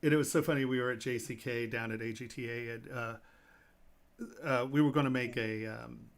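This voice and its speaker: A middle-aged man, a jeweler, telling lively anecdotes in casual chat with fillers and laughs. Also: mid-range voice, fairly quick, vocal fry. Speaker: jeweler guest.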